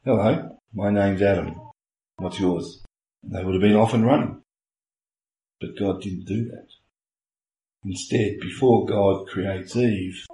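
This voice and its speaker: A man's voice: deep voice, dark tone. A man preaching a sermon as a pastor, explaining earnestly with homely everyday illustrations, recorded in a church. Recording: echoey room with faint hiss.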